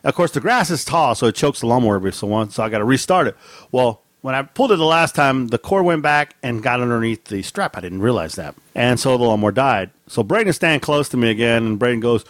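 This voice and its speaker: A man's voice: animated, fast, no room sound, clean studio sound. A middle-aged man co-hosting a podcast, telling rambling, profane stories with lots of laughter. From Mexican heritage. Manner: profane, laughing storyteller with big pitch swings. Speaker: podcast co-host. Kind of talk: casual chat, storytelling.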